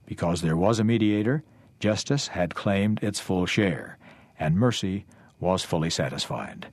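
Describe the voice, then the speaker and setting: Low, husky man reading a lesson. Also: animated, a little slow, a little mellow, no room sound. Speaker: reader of a lesson text. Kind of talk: scripted reading of a parable.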